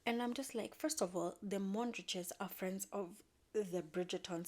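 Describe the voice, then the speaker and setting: Animated woman recapping a show. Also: mid-range voice, normal speed. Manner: animated storyteller, acting out characters' lines; slangy and emphatic. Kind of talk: casual recap commentary.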